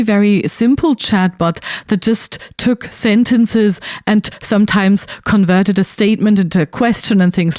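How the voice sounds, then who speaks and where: A woman co-hosting a podcast, explaining things in a thoughtful, easygoing manner. Her pitch is average and her voice is dry and close. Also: darkish tone, dry recording. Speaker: podcast co-host. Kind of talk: casual chat.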